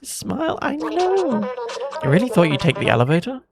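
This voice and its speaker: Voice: medium pitch, wildly swooping pitch, moderate pace, vocal fry, a loud crowd, voice pushed up. A streamer reading aloud the lines of a centuries-old robot in a game. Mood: teasing.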